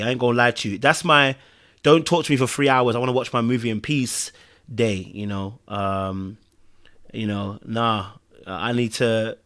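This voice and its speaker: A man's voice: mid-range voice, fairly bright tone. A man hosting a podcast in casual chat, rambling and checking in with "okay?" and "you know what I mean". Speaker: podcast host.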